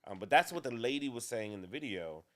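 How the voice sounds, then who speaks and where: A man co-hosting a casual talk show about marriage, speaking in a deliberate, measured way with some restarts. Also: medium pitch, animated. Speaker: co-host.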